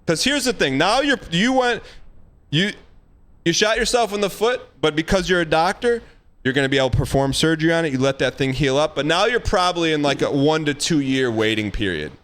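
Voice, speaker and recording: A man's voice: on the high side, expressive, brisk, fairly bright tone. A man streaming live and giving blunt, emphatic dating advice in casual chat, repeating himself for emphasis. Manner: emphatic, repetitive, blunt, acts out quoted lines.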